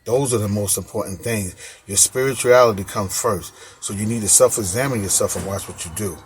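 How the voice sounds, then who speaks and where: A man's voice: on the low side, a little fast, a little hiss or hum. A man preaching an informal sermon, reading scripture and repeating key phrases for emphasis in casual street speech. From United States.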